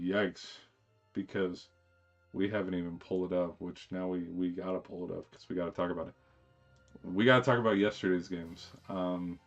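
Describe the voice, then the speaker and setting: A man's voice: deep voice, muffled recording. A man chatting casually on a live stream, rambling with lots of fillers and restarts.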